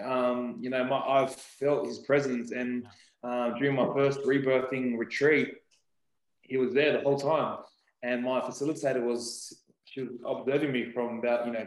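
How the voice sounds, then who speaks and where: A man's voice: mid-range voice, darkish tone. Earnest man in a roomy room. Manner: earnest, emotional, repeats "you know". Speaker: podcast guest, breath-work facilitator. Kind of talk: heartfelt conversational sharing. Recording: roomy echo.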